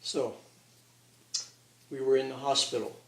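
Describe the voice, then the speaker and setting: A man interviewing a guest in a relaxed, joking, conversational way. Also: mid-range voice, measured pace. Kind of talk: casual interview chat. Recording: roomy room, distant mic.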